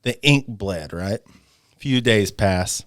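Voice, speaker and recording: A man telling a childhood story on a podcast, animated and acting out dialogue. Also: fairly low pitch, takes it slowly. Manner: animated, acts out dialogue in his stories. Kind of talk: casual storytelling chat.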